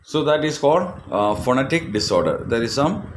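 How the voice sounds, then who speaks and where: A man's voice: medium pitch, very animated, a little fast. A man giving a recorded lecture, hesitant with many fillers and frequent "okay". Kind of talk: slide-based lecture. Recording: screen recording, faint background noise.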